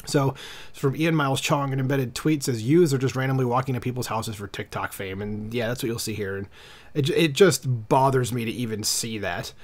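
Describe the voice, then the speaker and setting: A man's voice: medium pitch, moderate pace. A man hosting a commentary channel, reading an article aloud and breaking in with casual, irritated asides full of fillers. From United States.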